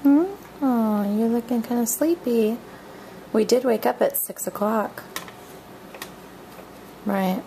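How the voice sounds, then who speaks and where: Mom on a handheld camera, slow sing-song baby talk, faint room hum behind. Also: female voice, on the high side, gravelly, warm tone. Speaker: parent filming her baby. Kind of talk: home video, talking to a baby. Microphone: handheld camera mic.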